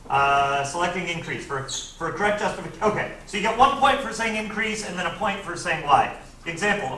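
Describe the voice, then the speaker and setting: A physics teacher with a slightly high voice goes over test problems in a conversational lecture, often checking in with "right?". The mic is far off in a roomy, echoey classroom, and the recording is noisy.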